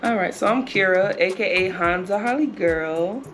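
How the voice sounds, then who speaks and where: A woman's voice: medium pitch, moderate pace, a bit bright, soft background music. A woman, chatting upbeat to viewers as a vlog co-host. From South Carolina, US. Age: 30s. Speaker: vlogger co-host. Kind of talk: casual chat to camera.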